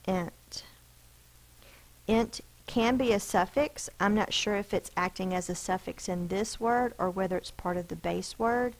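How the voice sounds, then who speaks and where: A woman's voice: lowish voice, rough recording. A woman teacher giving a recorded spelling lesson, patiently explaining rules and sounding out each letter and syllable.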